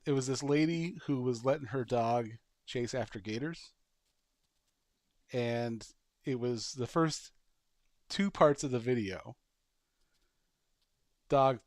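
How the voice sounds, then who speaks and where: Man, podcast co-host, casual rambling storytelling, sound effects, middle pitch, dry close recording. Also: dry recording. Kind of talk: casual chat.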